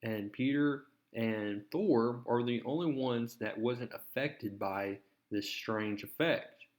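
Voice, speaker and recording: A man casually retelling a comic book story, relaxed and full of fillers. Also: mid-range voice, takes it slowly.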